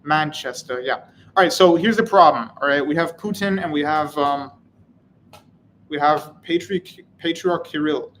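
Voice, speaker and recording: A man's voice: on the high side, measured pace, fairly bright tone, a little hiss or hum, rough recording. Casual, wry man streaming live. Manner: casual, wry, rambling with fillers. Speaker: channel host. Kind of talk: live-stream commentary reading chat.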